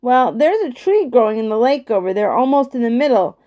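A woman reading aloud plays an eager little boy in a children's storybook, exclaiming with excitement. The voice sits a little high and stays close to the reader's own. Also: fairly quick, lo-fi sound. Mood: excited.

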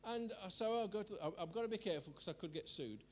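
A man's voice: high-pitched, lively intonation, fast, slight background noise. An older man preaching a sermon in a chatty, rambling way, laughing at himself as he tells personal stories.

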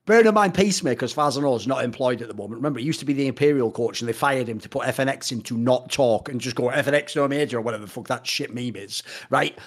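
A man co-hosting a podcast in casual banter, animated, sardonic and sweary. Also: mid-range voice, very fast, hardly any pauses. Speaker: podcast co-host.

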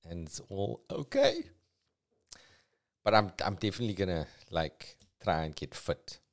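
Rambling middle-aged comedian. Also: male voice, low voice, huge pitch swings, measured pace, gravelly. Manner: rambling, self-mocking, jumping between mumbles and bursts. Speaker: podcast host. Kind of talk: solo comedic podcast monologue.

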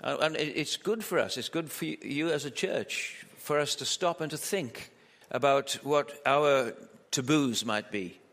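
A man's voice: mid-range voice, measured pace, few pauses, a bit bright. A man preaching a sermon at a church camp in a conversational, joking way, asking his listeners lots of rhetorical questions. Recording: echoey hall with long reverb.

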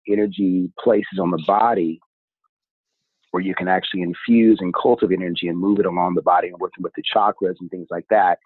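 A low-voiced man with a husky, breathy tone explains his practice at an easy pace and restarts his phrases often. His voice comes through a thin, phone-like call line. The sound is dry and close. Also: no echo. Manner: easygoing, explanatory, chuckles, repeats words. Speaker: podcast guest, BDSM and tantra practitioner. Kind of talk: casual interview talk. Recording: tinny phone-like audio, dry.

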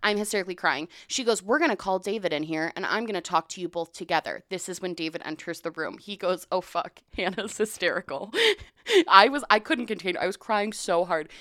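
A woman in her twenties co-hosting a chat show, telling stories in an animated way, laughing often and swearing freely. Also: lowish voice, brisk, no room sound, clean studio sound. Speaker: podcast co-host. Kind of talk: casual storytelling chat.

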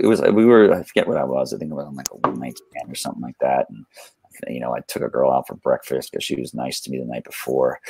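A man's voice: a bass voice, creaky, darkish tone, slightly rough, no room sound. A man, a guest telling a rambling, laid-back story on a livestream, full of fillers and restarts.

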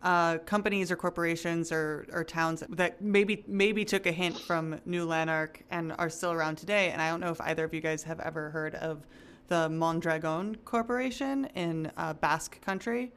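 A woman's voice: low-pitched, fairly even intonation, normal speed, a bit bright, clear, resonant tone. A woman co-hosting a podcast, chatting casually, self-mocking and explaining at length. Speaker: podcast co-host. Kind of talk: casual chat.

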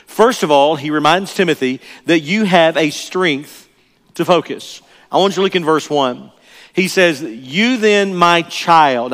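An older man preaches to his congregation, earnest and emphatic, driving points home by repeating them. His voice sits a little high for a man, and it rings out with the long reverb of a large church sanctuary. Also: a bit bright. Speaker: pastor. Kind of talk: sermon.

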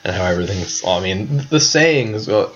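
Young male podcast co-host, low voice, profane and laughing, dull lo-fi recording. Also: animated, normal speed, fairly bright tone, slight background noise. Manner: swears a lot, laughs often. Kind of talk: casual chat. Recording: dull lo-fi sound.

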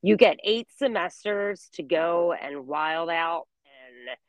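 A woman's voice: lowish voice, expressive, slow pace, no room sound, rough recording. A woman in her forties telling a story in casual chat, full of fillers. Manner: chatty storytelling, many fillers. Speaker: guest.

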